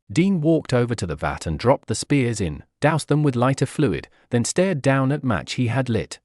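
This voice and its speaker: A man narrates a fanfiction story as an audiobook, reading dramatically and expressively. His pitch moves freely across a lively range. The voice is dry and close, with no room sound. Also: normal speed, few pauses, no room sound.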